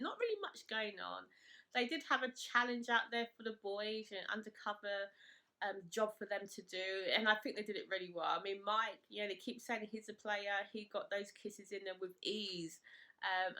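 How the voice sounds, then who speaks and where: Woman rambling happily about tv, bright sharp voice, lots of kind of like. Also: mid-range voice. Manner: gushing, enthusiastic, lots of fillers like "kind of, like". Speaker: vlogger reviewing a reality show. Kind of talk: casual chatty recap.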